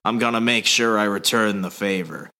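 A man's voice: on the low side, moderate pace, pushed and bright. A man doing a curt, scornful armored bounty hunter. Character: cold, dismissive male armored bounty hunter.

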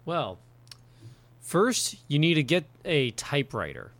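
A man co-hosting a casual gaming podcast, spinning long mock-serious riffs with a deadpan delivery. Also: a little high, takes it slowly, dry recording. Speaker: podcast co-host.

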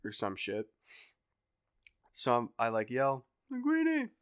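A young man telling a story in a casual podcast chat, animated and swearing, acting out other people's voices. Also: on the low side, slow pace, smooth, no echo. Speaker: podcast guest.

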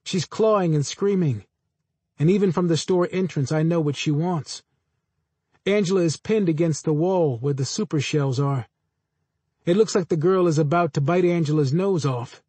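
Dry, measured male audiobook narrator. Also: on the high side, mellow, slightly rough, no echo. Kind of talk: first-person literary narration.

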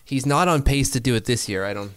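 A man co-hosting a casual sports podcast, animated and quick to laugh, thinking out loud as he talks. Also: mid-range voice, clean tone, no echo. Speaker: podcast co-host.

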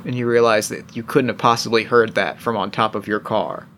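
A man's voice: fairly low pitch, fairly even intonation, fairly quick, fairly bright tone. A man narrating as game master of a tabletop role-playing game, rambling with lots of fillers and restarts.

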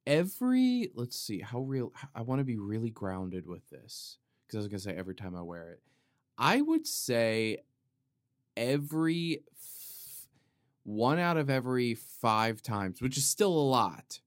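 A man hosting a podcast in a loose, joking monologue that drifts from one tangent to the next. His mid-range voice swings widely up and down, with sudden loud bursts. The sound is close and dry, with no room behind it. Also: lowish voice, animated, normal speed, hardly any pauses, dry recording. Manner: playful, goes off on tangents, sudden loud outbursts. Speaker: podcast host. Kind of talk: rambling comedic monologue.

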